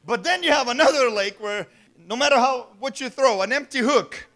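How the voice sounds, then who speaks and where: A man's voice: very high voice, moderate pace, a bit bright. A man preaching a sermon as a pastor, conversational, asking the congregation rhetorical questions and chuckling now and then.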